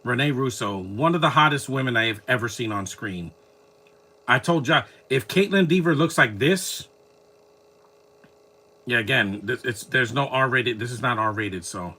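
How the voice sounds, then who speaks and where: A man's voice: medium pitch, lively intonation, a little slow, pushed and bright, breathy edge. A man giving casual, opinionated commentary while watching a film, rambling and restarting his sentences.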